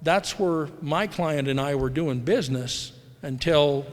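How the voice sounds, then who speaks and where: Speaking at a measured pace with a somewhat high voice, a middle-aged American man delivers a frank, wandering personal talk at a recovery convention. He voices the people he quotes, and the big hall gives the live recording a long reverb.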